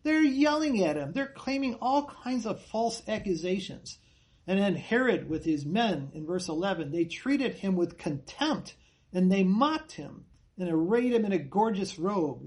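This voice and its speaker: A man with a high voice teaching a Bible class. He reads passages aloud, lifting his voice on the quoted cries, and hammers home his points by repeating them. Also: lively intonation, moderate pace, darkish tone. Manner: earnest, repeats phrases for emphasis.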